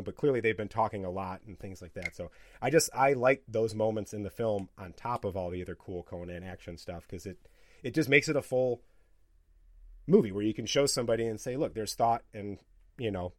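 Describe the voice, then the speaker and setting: A man co-hosting a film podcast, casually retelling scenes in an animated way and often laughing between points. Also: on the low side, brisk, no room sound, studio quality. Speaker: podcast co-host.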